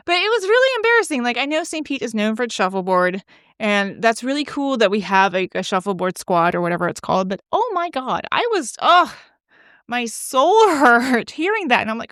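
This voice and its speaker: A woman's voice: on the high side, very animated, a little fast, fairly bright tone, no echo. Chatty woman podcast host, dry close mic. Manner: chatty, gossipy, laughing, full of likes. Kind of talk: casual storytelling monologue.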